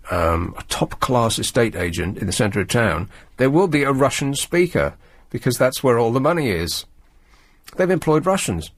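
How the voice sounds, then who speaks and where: A man's voice: lowish voice, dry recording. A male radio host from England chatting over the news in a dry, sardonic, rambling way, full of ums and asides. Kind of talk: late-night radio chat and news commentary.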